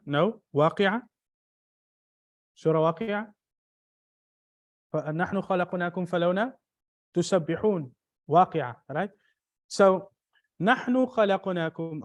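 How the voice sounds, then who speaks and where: Grammar teacher quizzing the class, restarts a lot, quick arabic recitations, medium voice. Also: medium pitch. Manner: questions the class and restarts phrases often. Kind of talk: classroom lecture.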